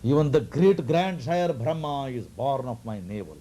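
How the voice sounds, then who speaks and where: A man voicing a divine child-god who speaks of himself as the universal truth, low, hushed and solemn, in a devotional story. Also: animated, normal speed, natural voice. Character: divine cosmic child-god, calm and majestic.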